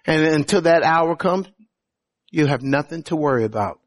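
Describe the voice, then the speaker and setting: A man preaching a sermon, teaching through scripture verses, often opening phrases with "oh" and climbing to emphatic highs. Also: moderate pace. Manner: lively preaching, rising to emphatic highs, many "oh" openers.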